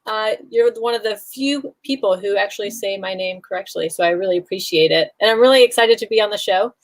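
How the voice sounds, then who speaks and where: A woman's voice: medium pitch, brisk. Upbeat woman guest. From Louisiana, US. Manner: upbeat, laughs easily. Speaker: guest copywriter.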